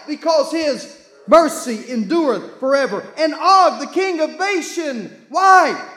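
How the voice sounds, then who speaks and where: A man preaching a sermon, reading scripture aloud and calling his congregation to read along, with bursts of shouting. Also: high voice, reverberant. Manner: call-and-response, urging the congregation to read along. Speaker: pastor.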